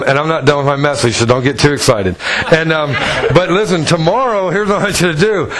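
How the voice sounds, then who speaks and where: Folksy man preaching with a raised pitch. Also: fairly bright tone. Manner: folksy storytelling with acted quotes. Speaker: pastor. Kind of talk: sermon.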